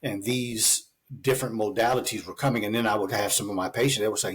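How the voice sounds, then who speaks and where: Husky-voiced man telling his story. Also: medium pitch, brisk. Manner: loose, chatty, many fillers. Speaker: physician guest. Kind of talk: conversational storytelling interview.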